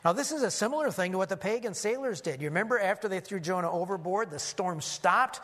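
A man's voice: sits high, animated, fast, a bit bright. A man, a pastor, preaching an earnest expository sermon that he teaches point by point. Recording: long hall reverb.

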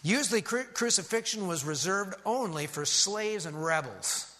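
A man preaching a sermon as pastor, emphatic and rhythmic, dropping to a hush on key words. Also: high voice, expressive, moderate pace, in a large hall.

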